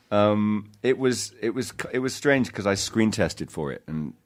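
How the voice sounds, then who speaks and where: A middle-aged man, a guest actor on a casual podcast interview, who tells stories in a halting, self-deprecating way, often restarting his sentences. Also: lowish voice, animated.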